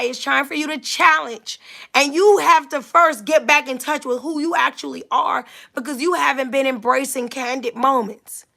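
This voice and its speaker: A woman's voice: high voice, vocal fry, bright, forceful tone. A young adult woman giving a motivational talk in an emphatic, repetitive preaching cadence, her voice slightly scratchy from allergies. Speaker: motivational speaker.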